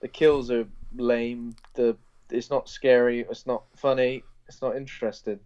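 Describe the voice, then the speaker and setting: A man's voice: mid-range voice, level tone, measured pace, a little mellow. A man co-hosting a podcast in casual chat, blunt and self-mocking, with mild swearing, recorded on a phone. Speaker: podcast co-host. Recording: dull phone-recorded sound.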